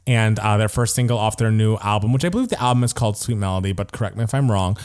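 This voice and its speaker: A man's voice: fairly low pitch, fast, a little mellow, clean tone. A man co-hosting a podcast in casual chat, gushing with enthusiasm, laughing often and filling his talk with "like". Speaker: podcast co-host.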